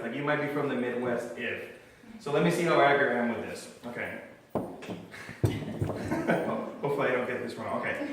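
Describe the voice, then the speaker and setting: A man's voice: mid-range voice, a bit bright, distant mic. A man doing a stand-up comedy set, chatty and self-deprecating, often laughing at his own jokes. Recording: very echoey room from afar, faint noise.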